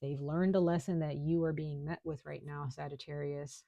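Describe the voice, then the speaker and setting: A woman's voice: low voice, little pitch movement, moderate pace, creaky, dark tone, no room sound, highs cut off. A woman giving a casual tarot reading in a chatty, reassuring way, full of fillers, at home. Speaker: tarot reader.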